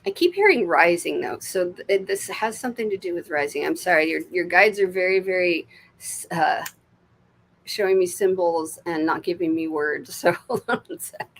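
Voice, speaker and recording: An American woman hosts a live stream of psychic card readings. Her talk is loose and chatty, full of laughs and cheerful swearing, with sudden soft murmurs when she turns to ask spirit for answers. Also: on the low side, expressive, moderate pace. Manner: chatty, warm-hearted, laughs often, swears freely; drops to murmurs and whispers when asking spirit. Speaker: intuitive reader.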